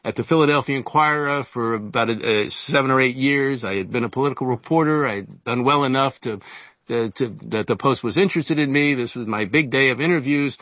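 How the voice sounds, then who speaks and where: A man's voice: medium pitch, a bit bright, dry recording. A man in his seventies tells long stories as an interview guest. He stumbles and restarts his sentences often. The sound is dry and a little dull. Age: 70s. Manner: halting, many fillers and restarts. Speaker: interview guest, author and journalist. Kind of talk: casual storytelling interview.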